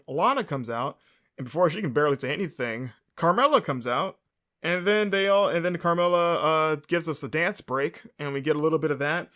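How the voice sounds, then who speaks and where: A man's voice: on the high side, a bit bright. A man hosting a podcast, casually recapping a show on his own, rambling with lots of fillers and mid-sentence corrections. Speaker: podcast host.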